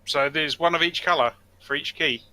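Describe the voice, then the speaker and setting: A man's voice: fairly high pitch, moderate pace, pushed and bright, no room sound, low-quality recording. A man playing in a tabletop game, asking practical questions in casual chat. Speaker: player.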